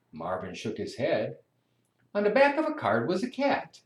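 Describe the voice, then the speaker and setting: A storyteller reading a children's picture book aloud in a slow, expressive, sing-song way. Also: medium pitch. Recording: echoey room.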